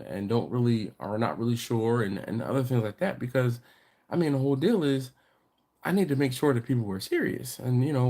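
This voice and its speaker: A man's voice: medium pitch, a little mellow. A middle-aged man with a congested voice, hosting a barbecue channel's live stream in a casual, rambling way with many fillers and restarts.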